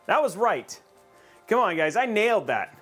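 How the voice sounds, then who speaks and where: A man's voice: sits high, very animated, a little slow, a bit bright, slightly rough, faint music behind. A man hosting a casual livestream, jokey and upbeat, rambling with plenty of fillers. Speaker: livestream host.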